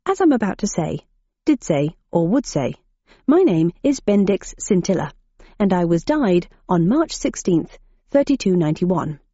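A woman's voice: lowish voice, very animated, measured pace, warm tone, husky, no room sound, full character voice. A woman playing a muddled young captain. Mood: earnest. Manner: earnest, confusing, tangled in his own words. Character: youthful muddled male recruitment captain. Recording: dull muffled audiobook recording.

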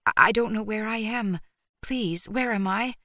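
A woman's voice: mid-range voice, moderate pace, bright, forceful tone, dry recording, clean studio sound. A woman voicing a determined young female apprentice, pleading and urgent, in a storybook reading.

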